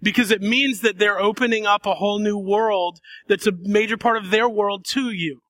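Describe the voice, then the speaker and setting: A man preaching a sermon, dramatic, acting out voices and shifting between soft and loud passages. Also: high-pitched, fairly even intonation, moderate pace, no room sound. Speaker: pastor.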